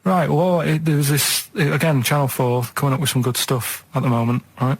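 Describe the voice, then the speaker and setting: A man, chatting on a radio show in a deadpan, rambling, hesitant way. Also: medium pitch, fairly quick, slightly rough, no room sound. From Manchester, England. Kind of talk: casual radio chat.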